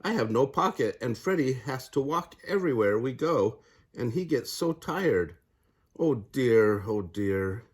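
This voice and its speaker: A man's voice: fairly high pitch, measured pace, a little mellow, pitched above the performer's own voice. An older man voicing a worried, tearful mother kangaroo who pleads for help, reading a storybook aloud. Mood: sad pleading.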